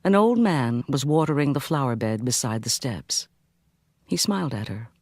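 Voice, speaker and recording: Man calmly narrating a story. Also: mid-range voice, moderate pace, no room sound, clean studio sound. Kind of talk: scripted narration.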